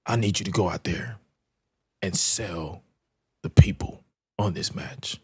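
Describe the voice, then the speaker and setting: A man doing an impression of a calm older male wrestling executive, speaking low and coaxing. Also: unhurried, slightly rough, dry recording, full character voice.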